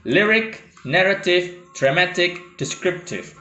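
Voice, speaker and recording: A man's voice: high-pitched, animated, measured pace, pushed and bright, muffled recording. A man teaching a poetry lesson, hesitant with many fillers, who reads verse aloud with a rhythmic lilt. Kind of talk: lecture explaining poetry. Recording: roomy with faint music.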